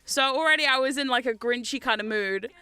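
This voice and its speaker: Bright high-voiced woman streamer. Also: brisk, smooth, no room sound. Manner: chatty, laughing, swearing freely. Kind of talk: casual livestream chat.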